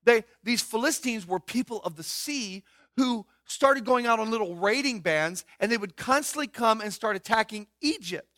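A man's voice: sits high, animated, moderate pace, pushed and bright, no echo, clean studio sound. A man preaching a sermon in an emphatic way, asking rhetorical questions and dropping his voice to stress points. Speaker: pastor.

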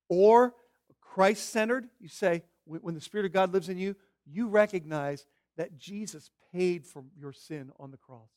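Man, pastor, sermon, very high voice, emphatic, numbered points, hushed questions. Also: unhurried. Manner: emphatic, swinging from shouted stresses to hushed questions.

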